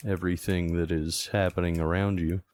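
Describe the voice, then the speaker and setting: A man's voice: low-pitched, flat delivery, brisk, darkish tone. A man playing a tabletop game, speaking hesitantly with many fillers. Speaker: player. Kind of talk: casual tabletop play.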